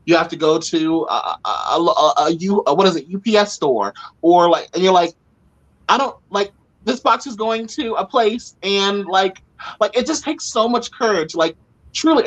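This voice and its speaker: An earnest podcast host talks through a casual panel chat in a mid-pitched voice. Speech is emphatic and full of fillers. The recording sounds a little dull and lo-fi. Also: sing-song, a little fast. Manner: earnest, emphatic, frequent "like" and "you know".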